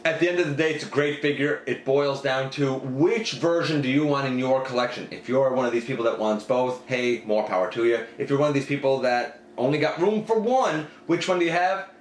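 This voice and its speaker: A man giving a casual product review, talking it through conversationally and jumping up in pitch on the words he stresses. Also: a little fast, few pauses. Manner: conversational, weighing pros and cons, pitch jumping up on emphasis. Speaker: toy reviewer.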